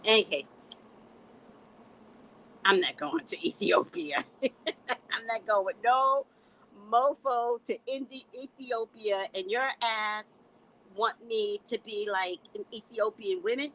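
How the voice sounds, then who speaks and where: Slow and given to long pauses, this middle-aged psychic reader's fairly high, slightly bright voice comes through poor audio on her casual live stream. She laughs as she talks, bluntly and sassily, calling viewers "guys."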